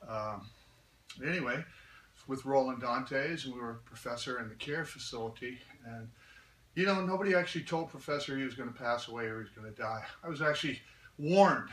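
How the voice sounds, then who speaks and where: A man's voice: medium pitch, a little fast. A man, a martial arts instructor and knife maker, telling a story in a chatty way with many fillers. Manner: chatty, animated, hesitant with fillers. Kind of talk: anecdotal storytelling. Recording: echoey room from far off with faint noise.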